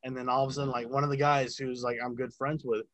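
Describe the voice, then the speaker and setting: A man's voice: medium pitch, little pitch movement, fast talker, a bit bright, no room sound, poor audio. A man in casual chat, telling a long story about working sound on a film set, with lots of filler words and swearing.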